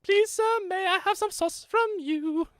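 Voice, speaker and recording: Man doing a whiny begging young guy, high squeaky pitch, groveling politeness, dry close sound. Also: measured pace, fairly bright tone, no room sound.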